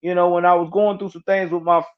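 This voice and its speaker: A man in his thirties telling a personal story in casual chat, halting and repeating words as he goes. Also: high-pitched, level tone. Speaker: interview guest. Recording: muffled lo-fi audio.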